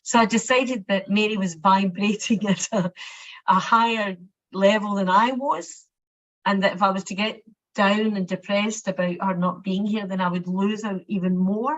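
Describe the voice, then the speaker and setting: Halting Scottish woman, muffled audio. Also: mid-range voice, fairly even intonation. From Scotland. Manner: halting, often repeats words, laughs softly. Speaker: workshop participant. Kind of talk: personal reflective sharing.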